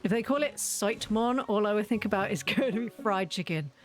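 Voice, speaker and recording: A woman's voice: mid-range voice, brisk, faint music behind. A young woman chatting casually as she plays a game, ranting and laughing often. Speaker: gaming video creator. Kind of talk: casual gameplay commentary.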